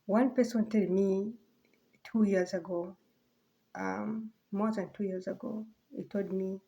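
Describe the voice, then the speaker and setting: Soft-spoken woman rambling in a vlog. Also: mid-range voice, fairly even intonation, vocal fry. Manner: halting, rambling, many fillers and restarts. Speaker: vlogger. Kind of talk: casual personal vlog monologue.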